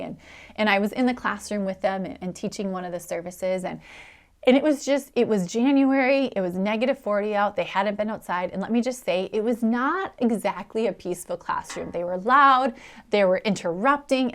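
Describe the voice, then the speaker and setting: A middle-aged woman pastor, giving a sermon in a conversational storytelling way that slips into quoted voices. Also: mid-range voice. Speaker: executive pastor.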